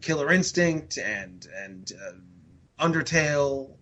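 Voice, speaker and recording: A man's voice: fairly high pitch, expressive, slow, fairly bright tone. A man talking as a podcast guest in a rambling, chatty way full of fillers and restarts. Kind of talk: casual podcast chat.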